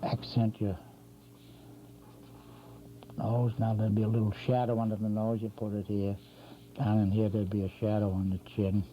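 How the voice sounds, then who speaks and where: A man's voice: on the low side, flat delivery, normal speed, long pauses. An older man demonstrating cartoon drawing, talking casually and correcting himself as he works. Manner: rambling, talks while drawing, self-correcting. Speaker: drawing instructor. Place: local TV studio. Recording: dull lo-fi 1990s community TV audio with faint hum.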